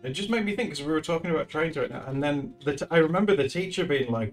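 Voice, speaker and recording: A man's voice: on the high side, lively intonation, fast, few pauses, fairly bright tone. Guy streamer chatting while drawing, voice jumps up and down a lot, laughs easily, faint guitar in the back. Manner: chatty storyteller, laughs often, thanks viewers. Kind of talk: casual chat while drawing.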